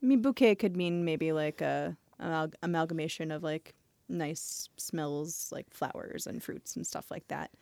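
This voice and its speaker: A woman's voice: low voice, a little slow, creaky, darkish tone, dry recording. A woman co-hosting a podcast in casual chat, playful and giggly, hedging as she talks. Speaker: podcast co-host.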